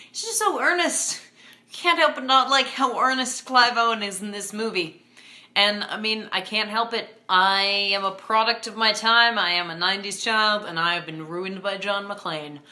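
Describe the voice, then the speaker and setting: A young woman talking casually about a book and its film adaptation, chatty and animated with playful asides. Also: medium pitch, moderate pace. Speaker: book vlogger. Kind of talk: casual chat.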